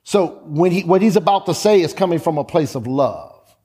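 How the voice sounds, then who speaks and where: Male preacher, high voice, emphatic sermon delivery with repetition. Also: animated, mellow, husky. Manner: slow emphatic preaching with dramatic pauses and repetition.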